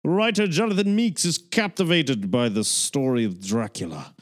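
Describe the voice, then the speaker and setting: A man putting on a mock British accent to play a pompous old-fashioned horror-film narrator in a theatrical, drawn-out reading. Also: mid-range voice, voice pushed up, close to an everyday voice. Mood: mock grandiose.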